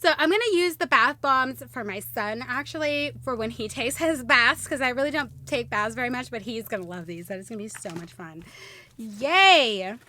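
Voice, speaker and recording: A woman's voice: a little high, lively intonation, normal speed, bright, forceful tone. A young woman hosting her own channel, unboxing a gift box and gushing over each item with squeals of delight. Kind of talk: bubbly unboxing vlog.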